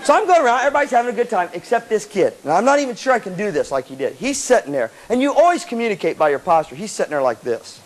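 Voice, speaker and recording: A man giving a live seminar talk to student musicians, telling stories in an animated way with laughs and acted voices. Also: sits high, very fast, few pauses, slight background noise. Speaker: motivational speaker to student bands.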